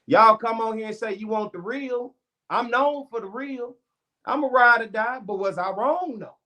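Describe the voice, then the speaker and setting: A man, co-hosting a casual sports talk show and ranting boastfully with an animated delivery. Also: very high-pitched, normal speed. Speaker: co-host.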